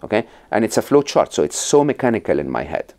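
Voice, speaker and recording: Animated low-voiced man from Egypt. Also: fast. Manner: animated storyteller, frequent restarts and "right?" check-ins. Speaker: podcast guest. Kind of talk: conversational interview.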